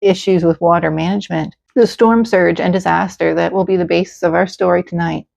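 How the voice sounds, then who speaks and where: A woman hosting and narrating a calm bedtime story in a gentle, soothing way, over dull audio with faint music. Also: on the low side, a little fast, creaky. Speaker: host and narrator.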